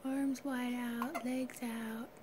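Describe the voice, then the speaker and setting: High-voiced woman cooing baby talk. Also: level tone, very slow, noisy background. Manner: soft, tender, often half-whispered. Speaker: mother talking to her baby.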